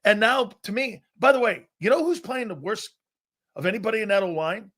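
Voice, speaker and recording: A young man co-hosting a sports talk show, challenging his partner with slangy talk and quick stats. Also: high voice, animated, fairly bright tone. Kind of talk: casual sports debate.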